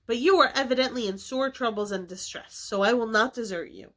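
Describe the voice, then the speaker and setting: A woman voicing a stern but kindly male engine driver who speaks gravely and steadily in a storybook reading. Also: fairly high pitch, fairly quick, a bit bright, close to an everyday voice.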